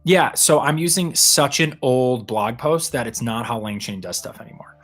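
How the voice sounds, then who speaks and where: A man co-hosting a developer livestream, casually explaining code as he works, relaxed and self-deprecating. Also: medium pitch, moderate pace, faint music behind. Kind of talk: casual chat while live coding.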